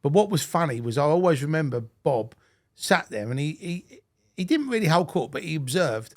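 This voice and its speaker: A man hosting a podcast interview, chatting in a relaxed, informal way and telling anecdotes. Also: on the high side, normal speed. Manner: relaxed, conversational, uses informal grammar. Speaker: podcast host. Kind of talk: casual interview chat.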